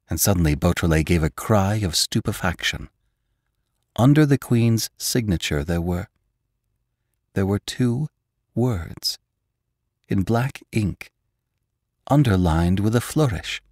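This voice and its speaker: A low-voiced man reads a classic adventure story aloud as the host of an audiobook podcast. His delivery is animated, with wide swings in pitch as he brings the scenes to life. The recording is dry and close. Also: takes it slowly, long pauses, dry recording. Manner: expressive, voices characters with raised pitch. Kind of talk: scripted audiobook narration.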